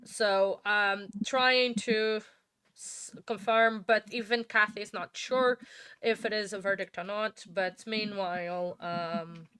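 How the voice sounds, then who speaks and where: Woman, livestream host, bright voice, dry close sound, chatty with fillers. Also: mid-range voice, fairly even intonation, takes it slowly, clean tone, dry recording. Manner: chatty, many fillers and restarts. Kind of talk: casual livestream chat.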